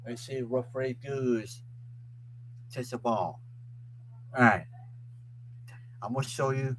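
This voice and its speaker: A man hosting a casual live stream who keeps restarting and repeating his phrases and breaks into loud, excited sports chants. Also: medium pitch, slow pace, pauses often, rough recording. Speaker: host of a live web show.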